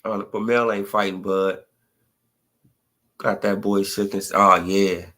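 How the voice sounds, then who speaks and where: A man's voice: fairly low pitch, level tone, unhurried, bright, forceful tone. A man hosting a casual livestream, talking in loose slang with plenty of swearing and filler words. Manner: slangy, profane, rambling talk with lots of "bro" and "man". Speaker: livestream host. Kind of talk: casual livestream commentary on boxing.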